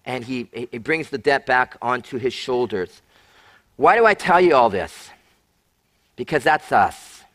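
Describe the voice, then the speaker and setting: A male pastor preaching a sermon, animated, often repeating and restarting words and acting out the voices of people in a Bible story. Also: medium pitch, a little slow.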